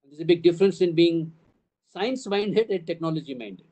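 An older man with an Indian English accent, the chief of a school trust, gives a town hall address to parents. His voice is fairly high and animated with a dark tone and moderate pace, and he speaks emphatically, building points through repeated phrases and rhetorical questions.

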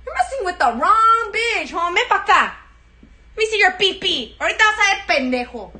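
A woman's voice: very high voice, animated, slow pace, warm tone, voice pushed up, heavily acted. A woman putting on a tough street-slang woman, aggressive and taunting. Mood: threatening.

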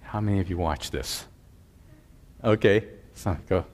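A man's voice: deep voice, unhurried, darkish tone. Conversational male pastor preaching. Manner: conversational, with frequent asides. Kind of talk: sermon.

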